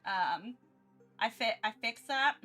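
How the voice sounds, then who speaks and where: A woman's voice: fairly high pitch, lively intonation, slow, sharp tone, soft background music. A woman streamer chatting casually during her art livestream, rambling with many restarts and frequent giggles.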